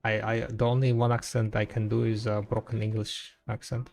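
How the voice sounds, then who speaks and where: A man's voice: fairly low pitch, little pitch movement, a little fast, darkish tone, soft background music. A man chatting casually on a gaming stream in a rambling, laid-back way, full of fillers and restarts. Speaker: game streamer.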